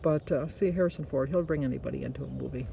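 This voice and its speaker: A woman's voice: extremely low pitch, quick pace, creaky, warm tone, slight background noise. A woman hosting a vlog, chatting casually and motivationally, rambling through stories and correcting herself. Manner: rambling storytelling with self-corrections. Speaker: vlog host.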